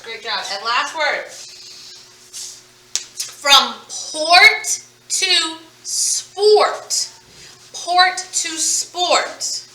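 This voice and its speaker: A woman teacher leads a phonics lesson, drawing words out slowly and praising often. Her voice is high and very bright. She sounds distant from the mic in an echoey classroom. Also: slight background noise. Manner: slow, stretched-out word modeling with encouraging praise. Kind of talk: phonics lesson to young students.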